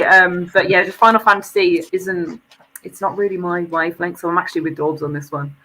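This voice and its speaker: A woman's voice: on the low side, fairly even intonation, brisk, sharp tone, low-quality recording. A woman guesting on a live stream, chatting casually and a little hesitantly. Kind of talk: casual chat. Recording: faint noise.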